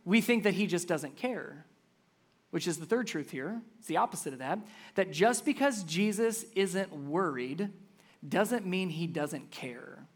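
A man preaching a sermon as pastor, earnest and building up to loud, emphatic passages. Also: sits high, expressive, unhurried, husky.

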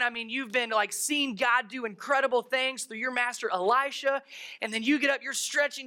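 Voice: medium pitch, fairly even intonation, normal speed, sharp tone. A pastor preaching a sermon in a conversational way, retelling a scripture story with asides to the congregation. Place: church service held in a darkened theater.

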